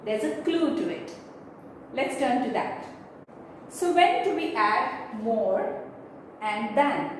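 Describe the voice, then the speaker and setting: A woman's voice: a little high, expressive, takes it slowly, long pauses. Woman, teacher, step-by-step lesson, long echo, distant mic, faint hiss. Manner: explains step by step, spells out letters. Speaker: English teacher. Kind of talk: slow classroom grammar lesson. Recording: echoey room, mic far off, faint noise.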